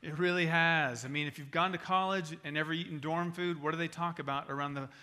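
Middle-aged male pastor, emphatic sermon delivery, bright forceful tone. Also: fairly high pitch, steady tone, brisk, smooth. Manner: emphatic preaching with rhetorical questions to the congregation.

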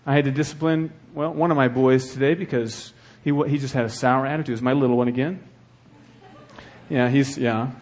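A man preaching a sermon as the church's pastor, swinging between hushed, earnest talk and loud, fervent exhortation. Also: mid-range voice, steady tone, a little fast.

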